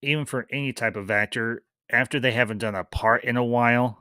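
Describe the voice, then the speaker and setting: A man's voice: medium pitch, a little fast, sharp tone, dry recording. A man hosting a live-stream review, chatting loosely with fillers and greeting viewers in the chat. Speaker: livestream host reviewing a series.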